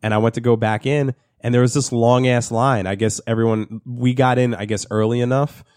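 A man's voice: mid-range voice, steady tone, a little fast, a little mellow, no room sound, clean studio sound. A man in casual chat, rambling and swearing as he tells a story. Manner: profane, rambling, laughs often.

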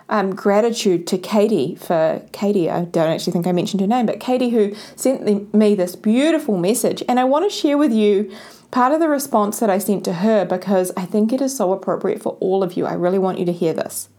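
A woman's voice: medium pitch, moderate pace, a little mellow. Effusive, encouraging woman podcast host. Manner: effusive and encouraging, often adds "right?". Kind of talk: casual podcast monologue.

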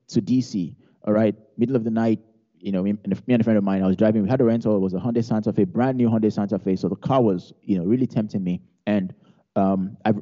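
A male pastor preaching a sermon in a low, deep, mellow voice. He drives his points home through repetition and lightens them with funny personal anecdotes. The recording sounds dull and lo-fi. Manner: preaching with humorous personal stories; emphatic repetition of key phrases.

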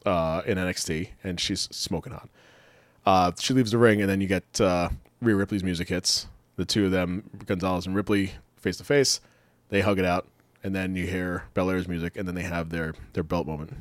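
A man with a somewhat low voice chats casually as a co-host, rambling from point to point and breaking into laughs. He gets excitable as he talks. The sound is dry and close, with no room around it. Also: moderate pace, no echo. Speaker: podcast co-host. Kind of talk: casual wrestling chat.

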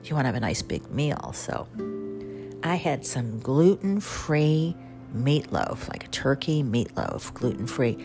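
Chatty low-voiced woman, Southern accent. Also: very animated, a little slow, darkish tone. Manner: chatty, self-mocking, rambling asides. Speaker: radio show host. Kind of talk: casual storytelling monologue. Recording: music playing under the voice.

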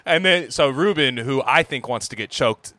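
Joking man with a bright, dry voice. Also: medium pitch, animated, normal speed, no echo. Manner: crude, joking, stammers and restarts often. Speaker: podcast co-host. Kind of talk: casual podcast banter.

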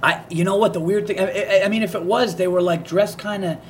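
A man's voice: sits high, brisk, a little hiss or hum. A man hosting a podcast, telling stories in casual chat, laughing often and acting out the people he quotes. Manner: animated storyteller, laughs often, acts out quotes. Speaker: podcast host.

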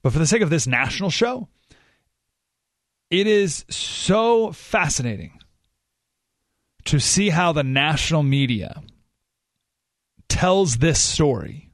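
A male talk radio host speaking at a fairly high pitch into a studio mic, with a dry, close sound. He talks casually, slows almost to a crawl to hammer home a point, then jumps up in pitch with animated exclamations. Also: no room sound. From San Diego area. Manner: emphatic, slows right down to stress points, animated outbursts. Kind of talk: conversational talk radio monologue. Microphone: studio microphone.

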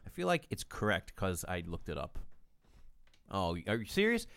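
A man's voice: low-pitched, huge pitch swings, moderate pace, vocal fry, a bit bright, dry recording. A man from the United States in casual podcast chat, opinionated and sarcastic, griping with gusto. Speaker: podcast co-host.

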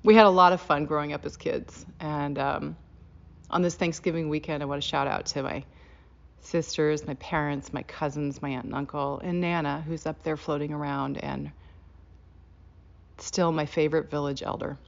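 A middle-aged woman, telling a holiday story in a casual, animated way. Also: normal speed, creaky. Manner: animated, laughing, rising in pitch on quoted lines. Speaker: guest sharing a holiday memory. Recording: dull lo-fi sound.

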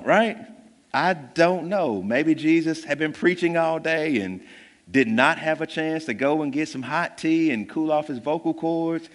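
A male pastor preaching a sermon in a conversational way, jumping between loud bursts and hushed lines and acting out the voices of people in the story. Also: fairly high pitch. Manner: conversational, acts out voices of disciples. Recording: long hall reverb.

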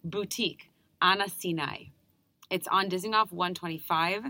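Speaking in a fairly low pitch with mostly even intonation, this young New York woman has a bright, forceful tone captured in a dry recording. She's an American-accented guest performer in a casual interview, chatty and enthusiastic. She restarts her sentences quickly.

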